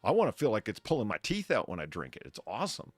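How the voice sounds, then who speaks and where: A man's voice: fairly low pitch, wildly swooping pitch, fast talker, no room sound. A man in casual stream chat, opinionated, reading news bits aloud and laughing often.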